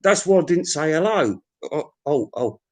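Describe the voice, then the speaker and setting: A man's voice: on the high side, sing-song, normal speed, a little mellow. A man hosting a vinyl collector's live stream, ranting sarcastically and swearing as he talks to his chat. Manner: profane, sarcastic, mocking rant. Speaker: vinyl collector channel host.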